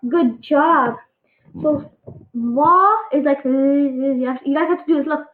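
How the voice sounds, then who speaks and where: A woman giving a casual pronunciation lesson on letter sounds, halting and full of fillers, encouraging her students. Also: high-pitched. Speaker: Arabic alphabet teacher. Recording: echoey, tinny phone-like sound.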